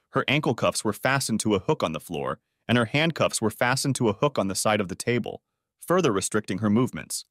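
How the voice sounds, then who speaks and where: A man narrating a first-person story audio book in a steady, matter-of-fact way. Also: medium pitch, dry recording, clean studio sound. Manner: steady, matter-of-fact, stern when confronting.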